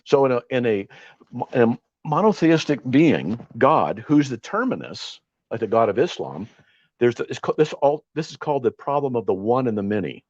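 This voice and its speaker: A man leading an informal Bible study, talking in an animated, argumentative way with frequent restarts. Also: medium pitch, moderate pace, no echo. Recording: dull, dry lo-fi recording.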